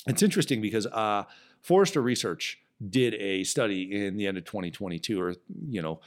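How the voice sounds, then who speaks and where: A man hosting a business podcast, telling a story in an animated, emphatic way. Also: on the low side, fairly quick. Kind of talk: storytelling monologue.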